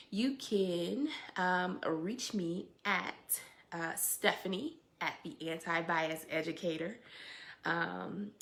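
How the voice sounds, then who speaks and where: A young adult woman hosting her weekly update as an educator, talking in a casual, reflective way with emphatic, animated stretches and colloquial asides. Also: medium pitch, gravelly.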